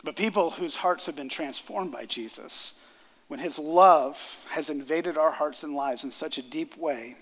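A man in his thirties preaching a sermon, earnest, rising loud on key lines and dropping soft. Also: a little high, a little slow. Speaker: pastor. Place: church sanctuary. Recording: long hall reverb.

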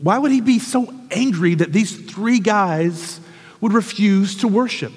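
A man's voice: high-pitched, unhurried, breathy edge. A man preaching a sermon in an earnest, emphatic way, asking rhetorical questions. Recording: echoey hall reverb.

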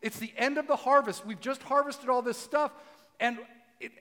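High-voiced pastor preaching in a hall. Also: male voice, fairly even intonation, moderate pace. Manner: conversational, acts out quotes, rises to shouting for emphasis. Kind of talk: casual sermon.

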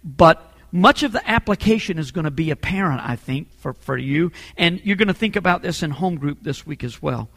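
A man preaching a sermon as a pastor, emphatic and building to forceful peaks, often repeating words as he presses a point. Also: fairly high pitch, animated, normal speed, few pauses, long reverb tail. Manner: repeats words when fired up.

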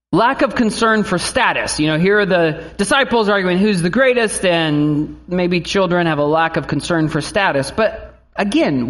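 High-voiced pastor preaching conversationally. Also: male voice, fairly bright tone. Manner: conversational, acts out quotes and anecdotes. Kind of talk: sermon.

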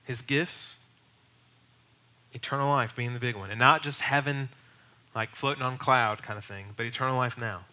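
A man's voice: medium pitch, normal speed, pauses often, bright, forceful tone. A male pastor teaching on evangelism, earnest and emphatic, often building to raised, urgent bursts.

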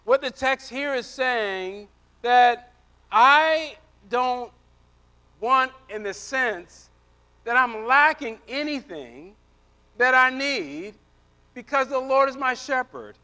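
A man delivers a sermon with an unusually high, ringing voice. He builds to loud, emphatic declarations, then drops to quiet, intimate near-whispers. He often repeats words as he drives a point home. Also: lively intonation, takes it slowly, clean tone. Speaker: pastor.

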